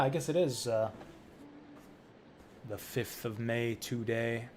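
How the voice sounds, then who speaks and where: A man's voice: mid-range voice, takes it slowly, darkish tone, a little hiss or hum. A young man streaming a game, making joking asides and reacting to scenes in casual commentary.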